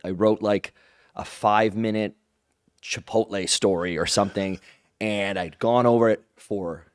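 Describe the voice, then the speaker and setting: Animated male interview guest, dry sound. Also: lowish voice, unhurried, smooth, no room sound. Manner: animated, acts out others' voices in quotes; rambling with restarts and "like". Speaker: guest, pro wrestler. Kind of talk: casual interview storytelling.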